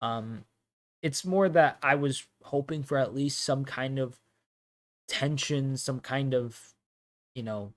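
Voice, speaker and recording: Young man, casual slangy football watch-along, mid pitch, loud excited bursts. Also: takes it slowly, long pauses. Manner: casual slangy chat, bursts loud and high at match action.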